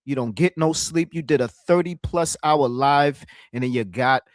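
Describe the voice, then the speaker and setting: A man's voice: fairly high pitch, normal speed, no room sound, studio quality. A man doing casual live-stream reaction commentary, loose and profane, often mimicking the voices in the clips he plays.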